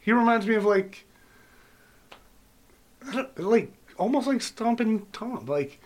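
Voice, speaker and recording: A man's voice: high voice, lively intonation, slow pace. A man telling rambling, jokey stories in a casual chat with friends. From Canada.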